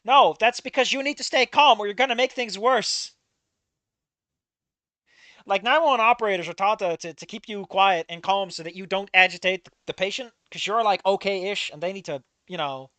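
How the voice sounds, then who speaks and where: A man's voice: sits high, moderate pace, bright, forceful tone, no room sound. A man giving casual, sarcastic read-along commentary on a fan fiction, exasperated and swearing often.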